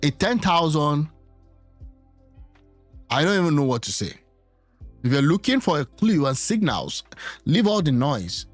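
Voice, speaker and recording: A man's voice: on the high side, very animated, no room sound, faint music behind. A man giving casual political commentary, thinking aloud with many restarts and fillers. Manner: musing, halting, with many restarts.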